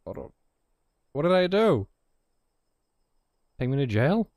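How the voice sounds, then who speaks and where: A man's voice: a little high, big pitch swings, slow, darkish tone, no room sound. A man, casually commenting on his gameplay, swearing often and laughing a lot. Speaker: gaming streamer.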